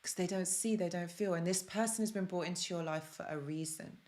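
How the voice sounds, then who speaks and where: A woman's voice: fairly low pitch, fairly quick, a little mellow. A woman hosting a live-stream self-help talk, speaking earnestly and emotionally and repeating phrases for emphasis.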